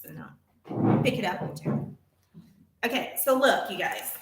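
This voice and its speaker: A woman vlogger talking casually to her viewers, retelling a complaint with animated indignation. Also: on the high side, takes it slowly, pauses often, echoey room. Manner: animated, indignant retelling, reads chat aloud.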